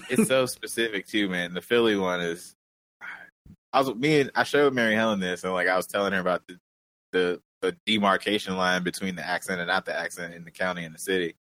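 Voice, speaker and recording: Deep-voiced man chatting casually. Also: steady tone, brisk, fairly bright tone. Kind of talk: casual chat.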